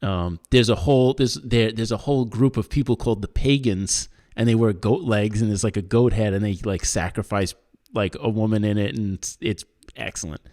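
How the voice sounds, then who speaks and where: A man's voice: on the low side, normal speed, a little mellow. A man in his thirties hosting a podcast, rambling through a list of favorite films in casual chat, swearing and laughing often. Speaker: podcast host.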